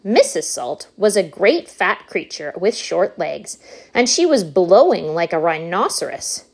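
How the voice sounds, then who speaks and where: Brief: woman storybook narrator, slow, expressive, lively pitch. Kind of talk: reading a children's book aloud.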